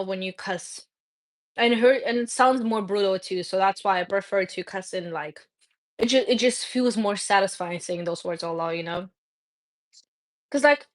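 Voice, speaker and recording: A woman streamer chatting casually to her viewers, a native Russian speaker who rambles, restarts words and laughs often. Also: medium pitch. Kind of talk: casual chat.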